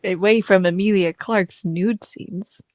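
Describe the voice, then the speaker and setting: A woman's voice: medium pitch, fairly even intonation, a little slow, a little mellow, no echo, clean studio sound. A woman co-hosting a casual book-discussion podcast, teasing and giggling as she argues her theory, on a microphone. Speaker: podcast co-host. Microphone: studio mic.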